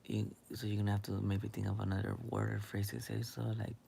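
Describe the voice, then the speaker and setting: A young man rambling in a late-night monologue, hesitant and halting, with many fillers, often dropping into a whisper. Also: on the low side, little pitch movement, gravelly, warm tone, slight background noise. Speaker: vlogger.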